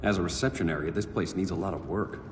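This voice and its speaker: A man's voice: sits low, quick pace, noisy background, natural voice. An actor playing a wisecracking male archer hero who trades dry quips in a game cutscene. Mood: wry.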